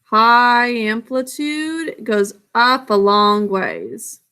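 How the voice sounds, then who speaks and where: A woman teacher walks her students through a science lesson in a recorded video. She explains patiently and step by step, pausing on small fillers, in a voice sitting a little higher than most women's. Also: sing-song, sharp tone, clear, resonant tone.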